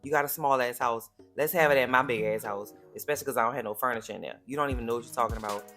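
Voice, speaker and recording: A woman's voice: extremely low pitch, rapid-fire, a bit bright, faint music behind. A woman voicing a boastful rich woman friend with brash, dismissive trash talk. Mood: mocking.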